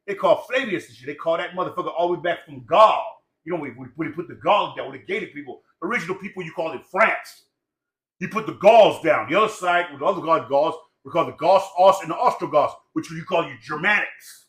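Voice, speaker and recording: A man's voice: fairly high pitch, expressive, fast, fairly bright tone, echoey room. A man of Samoan heritage born in Los Angeles, ranting in profane, repetitive, preachy casual talk. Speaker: podcast guest.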